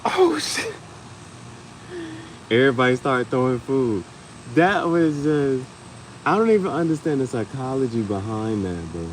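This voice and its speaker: A young adult man hosting a casual comedic chat, telling animated stories, laughing often and jumping into high-pitched acted quotes. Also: normal speed, slight background noise, poor audio. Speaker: podcast host.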